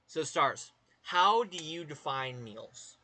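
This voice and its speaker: Man, Southern US accent, live-stream chat, rambling, swears, sharp tone. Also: on the high side, expressive, slow pace, dry recording.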